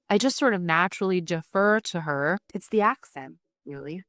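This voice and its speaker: A woman's voice: fairly low pitch, normal speed, fairly bright tone, no room sound, studio quality. A woman with a Canadian accent speaking in a TV documentary interview, chatty and wry. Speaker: guest on a family history TV show.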